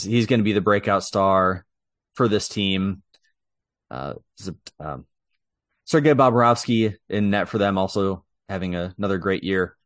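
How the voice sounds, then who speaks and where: A man's voice: low voice, fairly bright tone, dry recording, studio quality. A man co-hosting a podcast, chatting casually and with opinions about sports, laughing easily. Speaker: podcast co-host.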